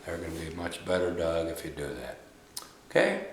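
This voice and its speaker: A man who trains dogs, talking through a demonstration in a folksy way, repeating himself and saying "you know" often, with soft murmurs to the dog. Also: low-pitched, huge pitch swings, fairly quick. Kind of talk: casual hands-on demonstration. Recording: echoey room with faint ambient noise.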